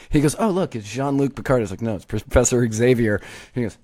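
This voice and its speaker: A man's voice: mid-range voice, lively intonation, normal speed, darkish tone. Man co-host, medium voice, teasing, anecdotal, casual. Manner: teasing, storytelling. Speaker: podcast co-host. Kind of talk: casual chat.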